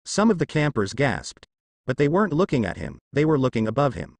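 Brief: male fan-fiction narrator, expressive, dry close read. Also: mid-range voice, a little fast, no room sound. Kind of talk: reading fan fiction aloud.

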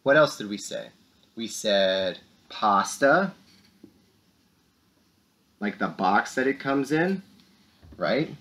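A young man hosting a school morning show, talking to young students in an upbeat, animated way. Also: fairly low pitch, slow, long pauses. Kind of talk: lively kids' morning announcements.

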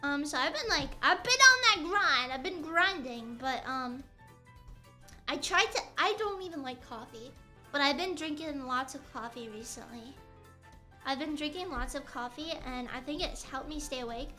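Young girl streamer rambling about her day while crafting, high bright voice, bit of music playing low. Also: lively intonation, moderate pace. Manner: rambling, playful, chatty with restarts.

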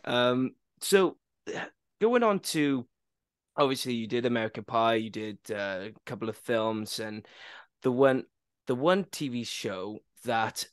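A man hosts a relaxed interview show, spinning anecdotes and tripping over his own words as he goes. His mid-range voice sits close to the mic in a dry, deadened space. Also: mid-range voice, dry recording. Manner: storytelling, stumbling over words with restarts. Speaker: podcast host. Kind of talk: casual conversational interview.

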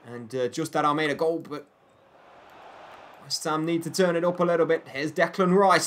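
A man's voice: on the high side, moderate pace, a bit bright. A young man playing a football video game, commentating on the match in a mock broadcast style with joking asides and bursts of frustration. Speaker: gaming YouTuber.

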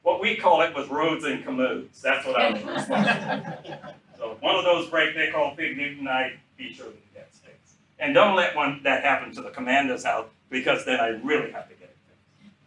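An older man from South Carolina, a retired general telling stories from his career in a lively, anecdotal talk. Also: medium pitch, normal speed, distant mic, a little hiss or hum. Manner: animated storyteller acting out quoted dialogue. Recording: echoey room, speaker off mic.

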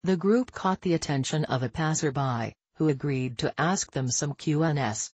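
A narrator reading a collection of jokes aloud, in an even, steady storytelling delivery. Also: mid-range voice, normal speed, breathy edge, dry recording, highs cut off. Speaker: audiobook narrator.

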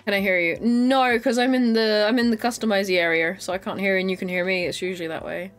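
A woman's voice: mid-range voice, fairly even intonation, quick pace, soft background music. A woman streaming live, chatting casually while gaming and laughing constantly.

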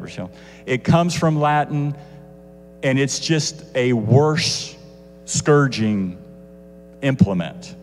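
A man teaching a Bible lesson casually, animated, with asides to his listeners. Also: medium pitch, big-room sound.

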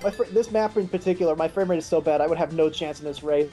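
A young man hosts a gaming video, explaining the game in an easy, chatty way and grumbling about lag. His voice is mellow and dark in tone. Quiet game music plays behind him. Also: fairly high pitch, quick pace. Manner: explains, complains about lag, laughs easily. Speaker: channel host. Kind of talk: casual gaming commentary.

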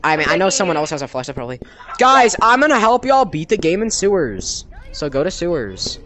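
A man's voice: sits high, big pitch swings, fairly quick, noisy background. A young man chatting casually while playing a game online with friends, joking and bossing his teammates around. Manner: joking, bossy, trash-talking teammates. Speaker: gaming video creator. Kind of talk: casual gameplay chat with friends. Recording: game audio and music behind.

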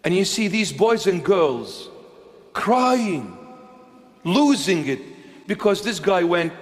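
A bishop delivering an impassioned sermon to a congregation, emphatic and swinging between forceful declarations and hushed pleading. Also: male voice, high voice, sing-song, slow, long pauses. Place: church with a congregation. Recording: long hall reverb.

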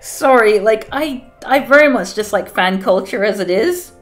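A woman's voice: on the high side, animated, moderate pace, soft background music. A woman streamer reading a visual novel aloud and reacting with wry, laughing asides, often cutting herself off when flustered.

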